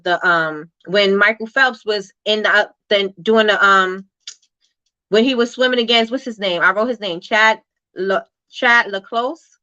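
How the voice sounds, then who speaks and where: Woman host, casual motivational chat, bright and chatty, dry close sound. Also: mid-range voice, dry recording, dull audio. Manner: chatty, reads comments aloud, many fillers and "right?".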